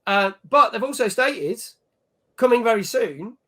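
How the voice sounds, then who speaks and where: A man's voice: extremely high pitch, expressive, a little slow, sharp tone. A man hosting a casual gaming chat show, reading out viewer messages and scores. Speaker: podcast host.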